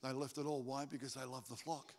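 A man preaching a sermon to his congregation, animated and jokey, acting out stories in high voices. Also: brisk, gravelly. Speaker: pastor. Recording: reverberant hall.

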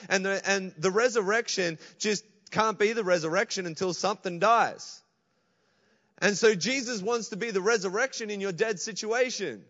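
High-voiced male preacher in an echoing hall. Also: moderate pace, fairly bright tone, dull audio. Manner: preaching with call-outs to the congregation. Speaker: pastor. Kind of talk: sermon. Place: church.

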